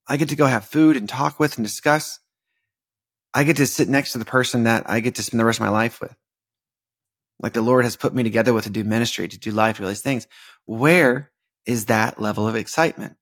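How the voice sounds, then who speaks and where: A man's voice: medium pitch, brisk, fairly bright tone, slightly rough. A young adult man hosting a podcast, talking about faith in a casual, conversational way with many fillers and restarts. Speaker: podcast host.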